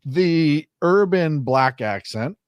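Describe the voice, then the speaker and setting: A man's voice: fairly high pitch, animated, slow, clear, resonant tone, no echo, muffled recording. A man co-hosting a podcast, giving emphatic, indignant political commentary full of rhetorical questions. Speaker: podcast co-host.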